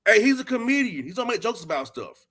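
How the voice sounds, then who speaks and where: A man speaks in a fairly high, bright voice. As a guest on a casual podcast chat, he talks bluntly and emphatically and uses plenty of streetwise slang. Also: sing-song, fast. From Atlanta, Georgia, US.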